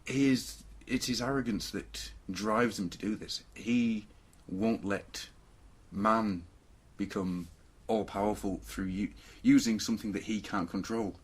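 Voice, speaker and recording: A man with a husky, low voice chatting casually on a podcast. He rambles through his points, trips over fillers and keeps breaking into jokes. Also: unhurried. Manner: rambling, jokey, lots of fillers. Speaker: podcast co-host. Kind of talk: casual chat.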